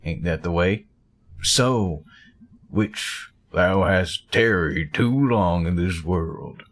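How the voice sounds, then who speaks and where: A man's voice: sits low, pitched below the performer's own voice, exaggerated voice. A man voicing a costumed man posing as a forest god, speaking in a solemn, archaic way with a Southern US accent. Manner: slow, grave pronouncements. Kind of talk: reading game dialogue aloud.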